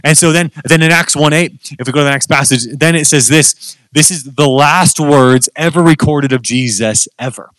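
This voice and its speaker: A man preaching a sermon in church, telling stories in a casual, conversational, animated way. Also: fairly high pitch, normal speed, no echo, low-quality recording.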